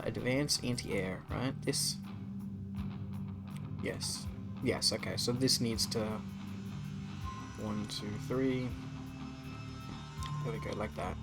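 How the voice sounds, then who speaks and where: A man's voice: medium pitch, a bit bright. A man streaming a strategy game live, chatting casually with his viewers and swearing freely. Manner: casual, profane, talks to chat.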